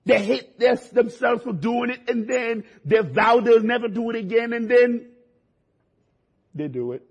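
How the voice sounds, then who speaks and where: A man preaching a sermon, his delivery swinging between quiet, low passages and rising, emphatic stretches. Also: lively intonation, measured pace, creaky, slightly rough, muffled recording. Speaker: pastor.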